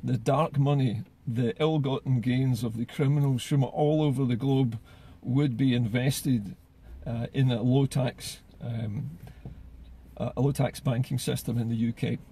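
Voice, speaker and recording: Husky, mellow-voiced man commenting. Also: mid-range voice, steady tone, a little slow. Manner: earnest, repeats words while gathering thoughts. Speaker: political commentator. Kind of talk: solo political commentary.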